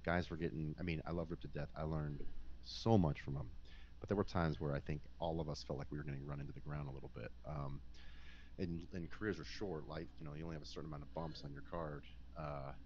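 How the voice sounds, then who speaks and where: Deep-voiced man telling wrestling stories. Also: fast talker, lo-fi sound, slight background noise. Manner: animated, swearing, acts out quotes. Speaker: podcast guest, former pro wrestler. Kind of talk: casual storytelling.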